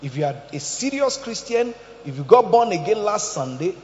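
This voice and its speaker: Lively, high-voiced preaching man. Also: normal speed. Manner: animated preaching with shouted quotes and laughter. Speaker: pastor. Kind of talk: sermon. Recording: echoey hall, dull lo-fi sound.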